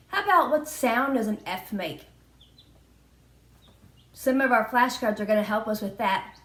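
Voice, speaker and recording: Slow sing-song preschool teacher woman. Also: a little high, expressive, fairly bright tone. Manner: slow, sing-song prompting with spelled-out letters. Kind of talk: children's virtual lesson. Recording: echoey room.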